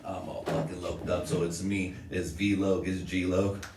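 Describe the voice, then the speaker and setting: A man's voice: sits low, level tone, a little slow. A young man doing stand-up comedy, rambling and self-mocking, often laughing at his own jokes. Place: small comedy open mic venue with audience. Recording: roomy sound from a distant mic, crowd noise. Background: audience laughter.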